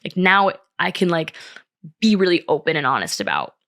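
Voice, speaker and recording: A woman's voice: lowish voice, sing-song, normal speed, a bit bright. Candid, swearing young woman podcaster. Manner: candid, swears often, many "like" and "um" fillers. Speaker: podcast host. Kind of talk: casual solo podcast chat.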